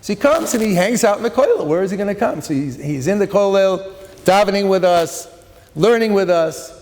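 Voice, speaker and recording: A middle-aged man, a rabbi, telling stories in an animated way during a seminar talk, sprinkled with Hebrew and Yiddish terms. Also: high voice, fairly quick. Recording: long hall reverb.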